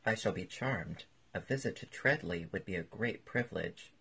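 A man plays a witty, languid aristocrat who drawls out his clever lines in a low, gravelly, very husky voice, like a classic storybook reading. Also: expressive, normal speed, pushed and bright, full character voice. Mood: urbane.

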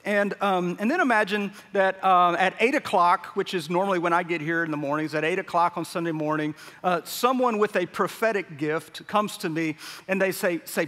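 A man's voice: high voice, moderate pace, bright, forceful tone. A middle-aged man preaching a sermon, telling a story and acting out the voices of the people in it. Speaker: pastor. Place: large church sanctuary. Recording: long hall reverb.

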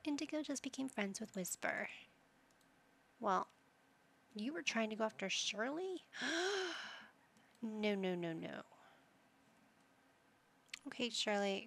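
A woman's voice: fairly high pitch, very animated, slow pace, vocal fry, long pauses, fairly bright tone. A young adult woman casually commenting on her gameplay, cooing and doting as she talks to the pets in her game. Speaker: gaming channel host.

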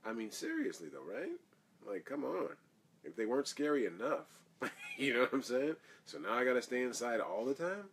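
A man's voice: medium pitch, animated, fairly quick, slight background noise. A man, an actor, answering fan questions in a casual live Q&A, reading each question aloud and rambling through his answers.

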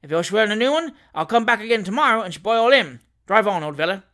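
A man's voice: high voice, lively intonation, quick pace, pushed and bright, voice pushed up. Man doing a brash servant. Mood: cheeky. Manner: brash, jaunty. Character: cheeky Cockney manservant, young man.

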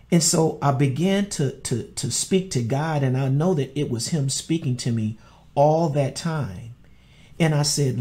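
A middle-aged male pastor delivers his sermon at an unhurried pace. His voice sounds mellow and relaxed. He tells a personal story earnestly and sometimes repeats words as he searches for the next phrase. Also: medium pitch. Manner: slow, earnest storytelling with repetitions.

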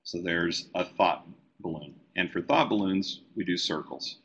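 A man who letters comic books, teaching a live software tutorial and talking easily as he works on screen. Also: low voice, unhurried, slightly rough, highs cut off. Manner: relaxed, talks while working on screen. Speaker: comic book letterer and design educator.

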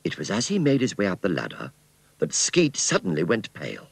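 A man narrating a children's story in an expressive, scripted storytelling manner. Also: low voice, moderate pace, gravelly, breathy edge, no room sound.

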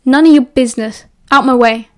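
A seething fourteen-year-old wizard boy, put on by a British woman reader, barking back at anyone who crosses him. He snaps his words out loud and fierce, in a voice pitched slightly high for a boy. It sounds like an audiobook read by one narrator. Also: steady tone, fairly quick, natural voice. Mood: angry.

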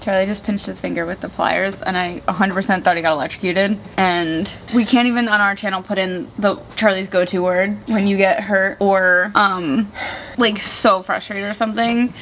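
A woman's voice: medium pitch, steady tone, moderate pace, a bit bright. Woman, casual vlogger, chatty and rambling, faint background hum. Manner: chatty, rambling, frequent "like" and "I feel like". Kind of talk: casual vlog chat. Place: at family's house, working on a van.

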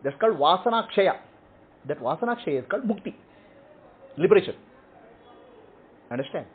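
A man's voice: high-pitched, very animated, moderate pace, slight background noise. A man teaching and answering questions, explaining in short repeated phrases and checking in with "okay?". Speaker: spiritual teacher. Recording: tinny phone-like audio.

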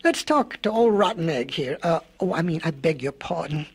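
A man's voice: on the high side, animated, moderate pace, husky. An actor playing a sly male fox in a storybook record, mocking and a little bossy.

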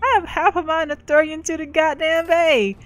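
A woman's voice: mid-range voice, moderate pace, lightly acted, low-quality recording. A woman gamer reading out the lines of an irritated woman crime fixer, blunt and threatening. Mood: angry.

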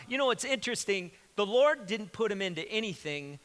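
High-voiced male pastor in a ringing hall. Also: very animated, a little fast, a bit bright. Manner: conversational, joking, retelling scripture. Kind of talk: sermon. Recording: reverberant hall.

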